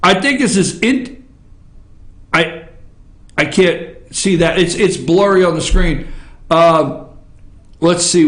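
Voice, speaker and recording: A man hosting an opinion show, ranting loudly and animatedly about local news and often breaking into laughter. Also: sits high, reverberant. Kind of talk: excitable political commentary.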